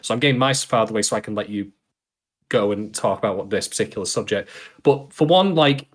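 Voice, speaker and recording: A man's voice: fairly low pitch, animated, quick pace. Rambling English man co-hosting a podcast. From England. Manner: rambling, repeats words, laughs while joking. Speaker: podcast co-host. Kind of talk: casual podcast chat.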